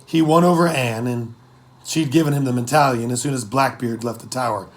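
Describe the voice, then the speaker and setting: A man narrating an adventure story as an audiobook, with steady storytelling delivery. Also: medium pitch, fairly quick. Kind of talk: scripted narration.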